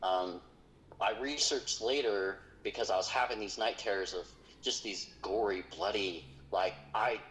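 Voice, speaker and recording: Guy with a lowish voice telling a story, lots of um and like, keeps restarting. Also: a bit bright, a little hiss or hum, low-quality recording. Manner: halting, full of restarts and fillers. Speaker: paranormal investigator. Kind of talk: storytelling in a conversation.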